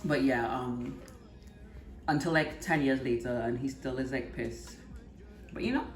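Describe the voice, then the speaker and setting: Woman, twenties, Trinidadian accent, animated storytelling, casual cooking chat, echoey kitchen. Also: a bass voice, a little slow, soft background music. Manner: animated storyteller, drops into quiet asides while cooking. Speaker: channel host cooking. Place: home kitchen.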